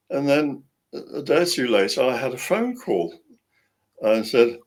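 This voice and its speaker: A man's voice: medium pitch, lively intonation, normal speed. A man, an author and interview guest, telling a story casually, rambling with chuckles and frequent restarts.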